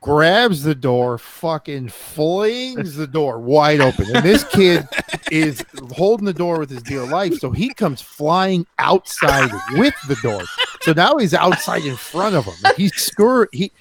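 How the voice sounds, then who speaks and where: Over a noisy background, a podcast co-host tells a story in a fairly high, sing-song voice at a slow pace. He swears constantly and imitates the voices of the people involved, keeping the chat casual and animated.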